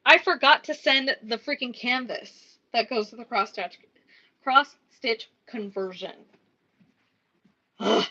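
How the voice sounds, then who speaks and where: A woman's voice: on the high side, slow pace, pushed and bright, slightly rough. A woman chatting casually on a live stream while crafting, rambling, swearing freely and muttering counts under her breath. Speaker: livestreaming crafter. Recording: dull lo-fi stream audio.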